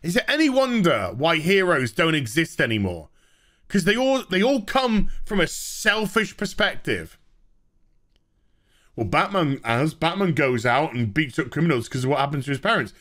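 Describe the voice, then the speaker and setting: A man's voice: on the high side, very animated, moderate pace, a bit bright. A man giving a sarcastic, profane TV review rant. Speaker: host. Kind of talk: ranting TV review.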